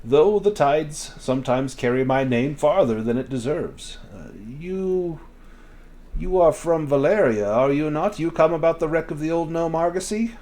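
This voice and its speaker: A man voicing a wealthy, affable male merchant who talks in a smooth, courteous, ingratiating way. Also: on the high side, lively intonation, a little slow, mellow, voice pushed up. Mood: welcoming.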